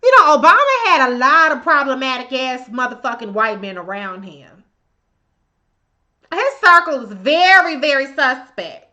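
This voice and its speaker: A woman with a high, sharp voice and lively intonation speaks at normal speed while hosting a live political commentary stream. Greeting viewers by name, she rages on in a profane, contemptuous tirade.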